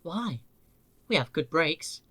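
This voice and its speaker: A man voicing a calm, wise older male engine who talks in a gentle, thoughtful way. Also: a little high, slow, husky, exaggerated voice.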